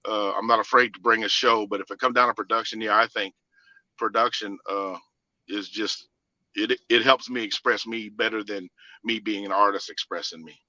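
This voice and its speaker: A man with a Southern US accent, a singer and producer, telling stories in a casual interview with lively laughs and many restarts. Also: lowish voice, moderate pace, no room sound, highs cut off.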